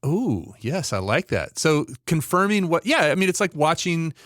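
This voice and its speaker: Animated man chatting on a podcast. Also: a little high, moderate pace, dry recording, clean studio sound. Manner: animated, rambling with restarts. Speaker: podcast co-host. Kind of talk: casual chat.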